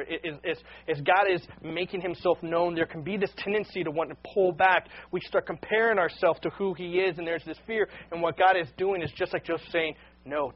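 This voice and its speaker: A man's voice: a little high, husky, dull audio. A man preaching a sermon, earnest and unscripted, often repeating words as he starts a sentence. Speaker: pastor.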